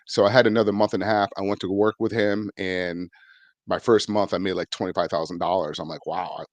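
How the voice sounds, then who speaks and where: A man's voice: low-pitched, little pitch movement, fast talker, dry recording. A middle-aged man from Vermont, a real estate investor guest, telling his story in a rambling way with many fillers. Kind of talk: casual storytelling interview.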